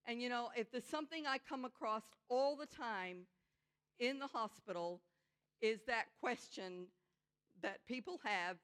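A woman preaching a sermon in an earnest, conversational way, slowing down to stress her key points. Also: on the high side, fairly bright tone. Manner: conversational asides with frequent "you know".

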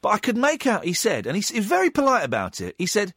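A man spins a story on a radio phone-in, his pitch swooping wildly from high to low. He keeps checking in with "right?" and trips over restarts as he goes. His voice sits a little high for a man, and it sounds dry and close. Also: huge pitch swings, fast talker, few pauses, fairly bright tone, husky, dry recording. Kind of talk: animated anecdote on radio.

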